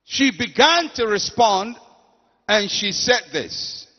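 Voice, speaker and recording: A man preaches with a high, lively voice that swings widely as he acts out quotes and calls on the congregation to respond. He speaks slowly and emphatically, and his sermon rings with long reverb in a church hall. The recording is muffled and dull. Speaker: pastor.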